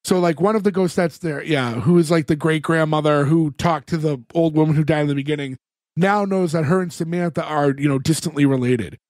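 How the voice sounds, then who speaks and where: A podcast co-host with a slightly high, somewhat mellow voice talks fairly quickly as he recaps a TV episode. He rambles casually, uses lots of fillers, and acts out the characters' lines, all in echo-free studio-quality audio.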